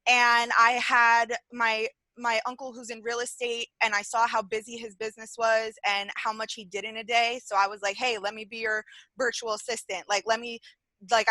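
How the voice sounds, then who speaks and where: A woman in her thirties calling in to a show, excited and rambling with lots of fillers. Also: on the high side, dry recording. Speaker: caller. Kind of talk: excited call-in chat.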